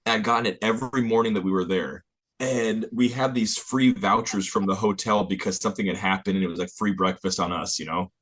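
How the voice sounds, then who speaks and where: Animated man telling a story, low voice. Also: brisk. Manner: animated storyteller, laughs often. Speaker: band member guest. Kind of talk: casual chat.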